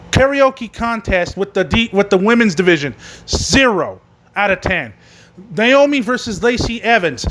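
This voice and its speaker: High-voiced man on a profane wrestling rant. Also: a bit bright. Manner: angry, swearing constantly. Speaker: podcast host reviewing wrestling. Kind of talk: profane rant recapping a show.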